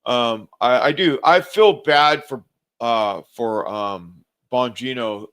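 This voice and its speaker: A man's voice: medium pitch, takes it slowly, a bit bright, smooth. A man hosting a talk show, speaking hesitantly with many fillers. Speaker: host. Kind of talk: casual talk show chat.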